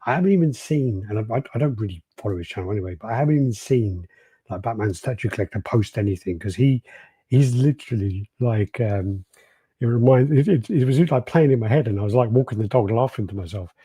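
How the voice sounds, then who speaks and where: A man's voice: on the low side, quick pace, dark tone, slightly rough. A man co-hosting a podcast, laid-back and jokey, greeting live chat and chatting casually. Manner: laid-back, jokey, does silly impressions. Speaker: podcast co-host.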